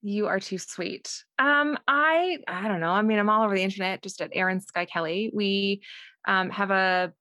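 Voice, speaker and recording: A woman's voice: mid-range voice, normal speed, sharp tone, no room sound, studio quality. A Canadian woman being interviewed as a guest author, chatty and self-deprecating, laughing easily. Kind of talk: casual interview chat.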